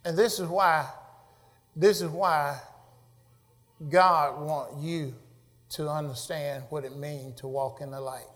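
A middle-aged male pastor preaching a sermon, building to loud shouted passages and calling out to the congregation. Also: fairly high pitch, fairly even intonation, takes it slowly, pauses often, big-room sound. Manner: preaching with rising shouts and call-and-response. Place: church sanctuary.

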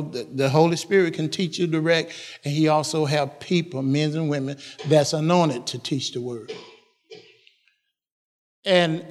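Preacher in a reverberant church hall. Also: male voice, a little high. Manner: call-and-response preaching, repeats phrases, laughs often. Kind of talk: sermon.

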